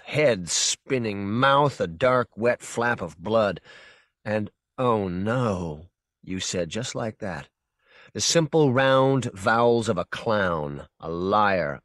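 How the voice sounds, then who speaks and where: A man narrating a short story for an audiobook in a measured, intense second-person voice. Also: lowish voice, fairly bright tone, no room sound, studio quality. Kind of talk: scripted narration.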